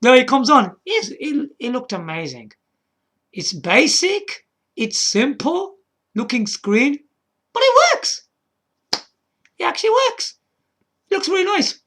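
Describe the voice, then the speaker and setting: A man chats his way through a gaming video at an unhurried pace, his voice bright and a little sharp. He rambles, restarts sentences and keeps tossing "yeah?" and "man" at the viewer. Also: very high-pitched. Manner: frequent restarts and chuckles. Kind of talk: casual rambling commentary.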